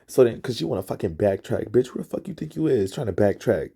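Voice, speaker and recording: Guy ranting on his podcast, cussing a lot, husky and kinda dark. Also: quick pace. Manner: profane, emphatic, repetitive; rising pitch when excited. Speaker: podcast host. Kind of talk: heated storytelling rant.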